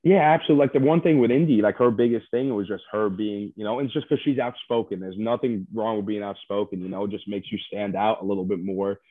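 Over a call, a man who once competed on a reality show rambles loosely in a fairly low voice, talking quickly with few pauses and many fillers. The phone line is dry and tinny, without echo.

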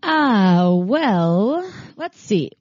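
A woman co-hosting a podcast in relaxed, easygoing casual talk. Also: medium pitch, very slow, breathy edge, dull audio. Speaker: podcast co-host.

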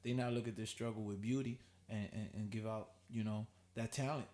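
Male podcast host, casual round-table chat, animated, laughs a lot. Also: fairly low pitch, a little fast. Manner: animated, laughs easily, mock voices when quoting.

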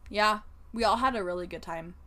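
A woman's voice: medium pitch, brisk, sharp tone. A young adult woman co-hosting a podcast, telling a chatty story with lots of laughs and swearing. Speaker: podcast co-host. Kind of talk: casual chat.

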